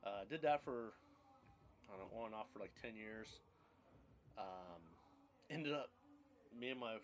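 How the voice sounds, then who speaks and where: A man's voice: medium pitch, fairly bright tone. A man in his thirties casually telling his life story on a podcast, rambling and blunt, with casual swearing.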